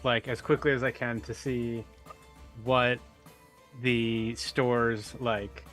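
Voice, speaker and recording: Slow, hesitant man playing a tabletop game. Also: mid-range voice, little pitch movement, fairly bright tone, faint music behind. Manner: hesitant, many fillers. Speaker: player. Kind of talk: casual tabletop play.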